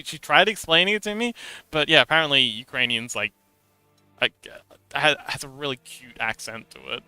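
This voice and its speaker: A man from Hong Kong, streaming as a VTuber, models an avatar while chatting loosely with his livestream chat, often using fillers and starting over. His voice is a little high, smooth and sharp-toned. The low-quality recording has no echo, taken dry on a close mic with faint music behind.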